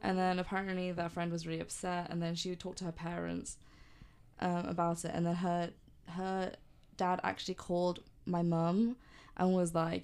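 Young woman, low gravelly voice, chatty storyteller, casual podcast chat. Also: normal speed. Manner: chatty storyteller, quoting family with lively voices.

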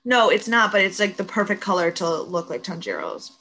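A young woman co-hosting a podcast, retelling a TV episode in casual, animated chat with plenty of swearing. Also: medium pitch, brisk, low-quality recording. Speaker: podcast co-host.

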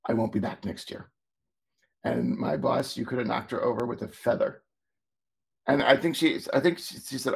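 A man, a former teacher co-hosting a talk show, telling stories in a lively, casual way and acting out what people said. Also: mid-range voice, moderate pace, creaky, long pauses. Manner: animated, acts out quoted dialogue. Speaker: podcast co-host, former teacher. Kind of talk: casual storytelling chat.

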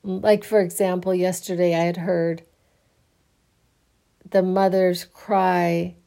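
A sleepy, yawning woman musing on faith in a halting, casual way, often restarting her sentences. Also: fairly low pitch, little pitch movement, creaky. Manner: slow, halting, restarts often, soft laughs.

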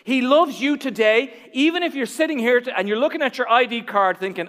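High-voiced man preaching in a big hall. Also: a little fast, hardly any pauses, fairly bright tone. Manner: emphatic, repeats key lines, drops to near whisper then builds. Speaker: pastor. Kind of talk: sermon. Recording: long reverb of a large hall.

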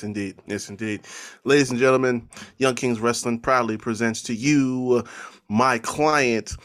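A man co-hosting a wrestling podcast in casual chat, laid-back and quick to laugh, who also does a ring-announcer style introduction. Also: medium pitch, a bit bright, clear, resonant tone. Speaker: podcast co-host.

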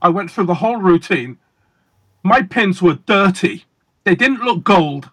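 A man being interviewed as a guest magician, telling stories in a deliberate, emphatic way with pauses for effect. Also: high voice, animated, fairly bright tone. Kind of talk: casual interview storytelling.

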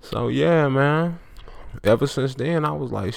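A man's voice: a little high, measured pace, gravelly. A man in his twenties hosting a podcast, talking in an unscripted, profane and preachy monologue with blunt storytelling. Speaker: podcast host.

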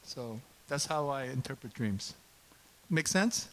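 A middle-aged man preaching a casual sermon in a church, chatty and self-deprecating, bursting into loud impassioned preaching when he gets going. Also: mid-range voice, animated, slow pace, a little hiss or hum, rough recording. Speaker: pastor. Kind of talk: conversational sermon.

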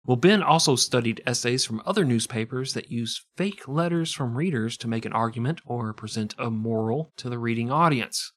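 A man hosting a relaxed history podcast, with a voice of middling pitch. He mixes his reading with jokes and laughs a lot. The talk is loose and playful, not polished. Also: moderate pace, hardly any pauses. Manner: jokey, laughs often, slips into silly accents. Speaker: podcast co-host. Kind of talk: casual comedic history podcast narration.

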